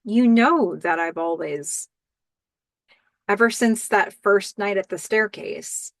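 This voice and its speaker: A woman voicing a shy, lovesick young male musician in a hesitant, quiet way. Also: medium pitch, slow pace. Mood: wistful.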